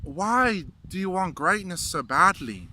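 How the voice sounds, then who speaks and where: A wise old martial arts master, as a man puts him on, patient and calm. He speaks slowly and gives measured advice. Wind and passing traffic hiss behind him. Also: sits high, full character voice.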